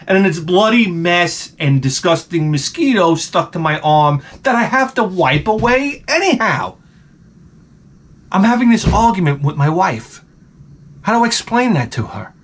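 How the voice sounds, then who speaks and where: In a casual comedic rant to the camera, a male vlogger tells funny stories in a profane, wry way. He's animated, acting out the quotes in a high voice.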